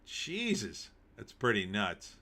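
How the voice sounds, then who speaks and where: A man's voice: fairly low pitch, huge pitch swings, slow, bright, forceful tone. A man hosting a live stream, reading news aloud and cracking wry, jokey asides with frequent laughs.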